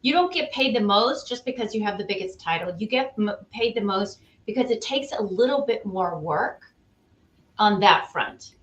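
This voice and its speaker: A woman talks through her leadership ideas in a relaxed interview, laying out points in neat sequences. Her delivery is articulate and emphatic. Her mid-pitched voice rings with the echo of the room she is in. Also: normal speed, lo-fi sound. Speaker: guest, CEO and author. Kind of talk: conversational interview.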